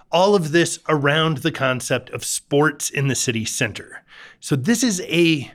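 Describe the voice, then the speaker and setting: A man, a reporter guest on a talk show, explaining a topic in a thoughtful, detailed way. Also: on the high side. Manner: thoughtful, explanatory, occasional restarts.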